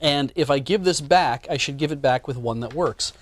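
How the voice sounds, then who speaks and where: A man's voice: medium pitch, moderate pace. A man hosting a live stream, chatting casually and joking with stumbling restarts. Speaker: stream host.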